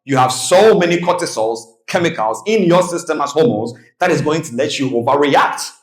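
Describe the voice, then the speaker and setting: A man's voice: fairly high pitch, expressive, normal speed. A man giving a live seminar talk on the psychology of trading, telling stories and putting questions to the audience. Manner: storytelling, engages audience with questions. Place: hall before a live audience. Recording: roomy echo.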